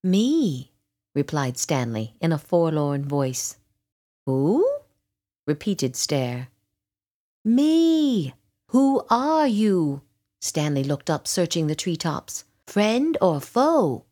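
A woman puts on a clumsy little boy dragon from a storybook, whose hurt feelings spill out as high, blustering bravado. He talks slowly and his voice leaps up and down. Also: big pitch swings, warm tone, full character voice. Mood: indignant. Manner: puffed-up bravado, high and pleading. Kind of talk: storybook read-aloud.

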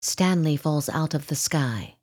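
Woman reading a kids storybook, lowish voice, slow and sing-song. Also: breathy edge. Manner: gentle and expressive, lilting. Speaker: narrator. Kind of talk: storybook read-aloud.

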